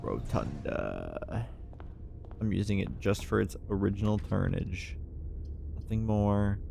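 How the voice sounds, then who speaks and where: A man's voice: fairly low pitch, flat delivery, moderate pace, vocal fry, background noise. A man streaming a puzzle game, chatting in a laid-back, rambling, self-mocking way. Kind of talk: casual gameplay commentary.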